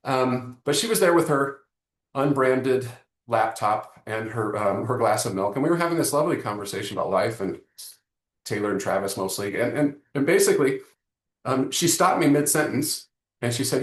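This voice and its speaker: A man hosting a live online marketing lesson, joking and talking straight to his audience in an animated way. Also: mid-range voice, moderate pace, roomy sound. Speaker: webinar host.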